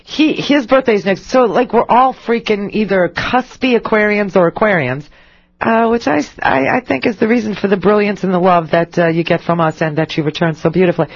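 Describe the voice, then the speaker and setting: A woman's voice: medium pitch, a little fast, no echo, muffled recording. A middle-aged woman hosting a radio talk show, rambling casually with lots of fillers and self-mocking asides. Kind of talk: casual on-air monologue.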